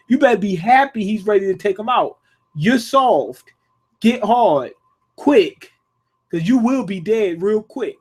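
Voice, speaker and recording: Male reviewer, high-pitched, profane, blunt off-the-cuff episode breakdown. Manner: profane, blunt, riffing with rhetorical questions. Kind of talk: casual rant-style recap.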